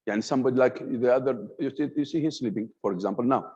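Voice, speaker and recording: A man with a mid-range, slightly breathy voice lectures a class on communication, talking fast with few pauses. An Arabic-speaking communication-skills trainer, he's animated, deliberately swings his voice up and down, and mixes Arabic words into his English, all on dull lo-fi audio.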